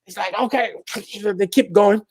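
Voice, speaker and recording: A Brazilian-accented storyteller man whose voice sits high for a man. He talks in a lively way and laughs often. The sound is dry and close, as on a video call. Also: a little slow, no room sound. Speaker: storyteller guest. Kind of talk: animated storytelling in a chat.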